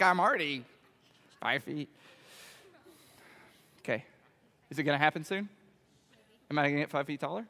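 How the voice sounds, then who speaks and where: A man preaching a playful sermon to a youth group, animated and constantly checking in with the room. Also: sits high. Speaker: youth pastor. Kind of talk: playful sermon with audience demo. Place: church hall. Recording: echoey hall reverb.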